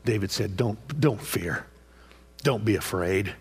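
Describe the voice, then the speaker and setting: A husky-voiced man preaching with rising passion. He circles back over his own phrases and keeps checking in with his listeners by asking "huh?" after each point. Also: on the low side, lively intonation, takes it slowly. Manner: impassioned, repeats phrases and prods listeners with "huh?". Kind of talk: sermon.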